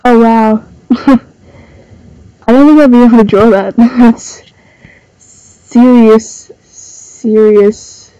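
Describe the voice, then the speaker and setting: A woman's voice: fairly high pitch, a little slow, pauses often, warm tone, dry recording, lo-fi sound. A young woman with a stuffy, nasal voice from a cold, chatting casually on a livestream while drawing. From Australia. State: sick, nasal voice. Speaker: livestreaming artist. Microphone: desk microphone.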